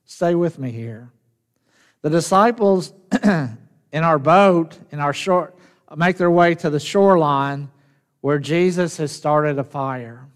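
His voice is a little high and his pace slow. This pastor delivers a folksy, conversational sermon in a Southern US drawl, asking his congregation questions, and the sound rings with the long reverb of a big hall.

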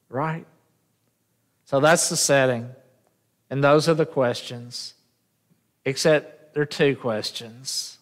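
In a church sanctuary with echoing acoustics, a pastor gives a sermon at a slow pace, pausing often in a medium-pitched voice. He keeps asking the congregation questions to draw them in, call-and-response style.

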